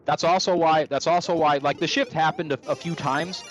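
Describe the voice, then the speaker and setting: A man's voice: a little high, fairly even intonation, brisk. A man from California chatting casually over gameplay, ranting profanely with many restarts. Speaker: streamer.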